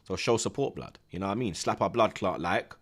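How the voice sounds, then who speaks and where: A man, hosting a live football watchalong, chatting in heavy street slang with the viewers and shouting at big chances. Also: on the low side, a little fast.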